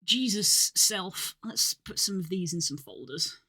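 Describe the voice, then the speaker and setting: A streamer talks casually into a desk mic, with a bright, sharp edge to the voice. The talk rambles with many fillers and restarts, a little short of breath, and is often self-deprecating. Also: mid-range voice, lively intonation, normal speed, breathy edge. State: slightly out of breath. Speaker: live streamer. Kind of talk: casual live-stream chat.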